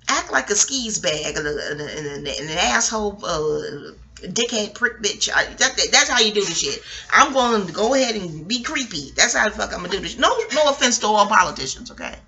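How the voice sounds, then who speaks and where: A woman's voice: mid-range voice, sharp tone. A woman, rambling through a casual, profane TV recap at home, digressing and laughing often. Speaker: vlogger reviewing a TV episode. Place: home, near a kitchen.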